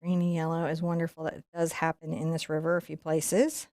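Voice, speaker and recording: A woman teaching a live painting tutorial in a soft, soothing voice as she paints. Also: deep voice, monotone, a little fast, no room sound, clean studio sound. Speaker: painting instructor.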